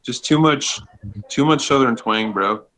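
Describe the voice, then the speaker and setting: A man's voice: medium pitch, measured pace, a bit bright. A young man from Florida chatting as a co-host, joking dryly and swearing casually. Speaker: co-host friend. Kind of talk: casual chat.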